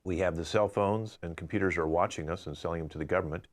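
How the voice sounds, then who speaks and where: A man hosting a live online improv show, running the games with brisk, playful banter over a video call. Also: low-pitched.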